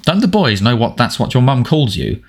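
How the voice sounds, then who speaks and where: A man's voice: medium pitch, very animated, moderate pace, darkish tone, husky. A man doing a mocking teenage boy. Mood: taunting. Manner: mocking, sardonic. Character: sarcastic teenage boy, defiant and needling.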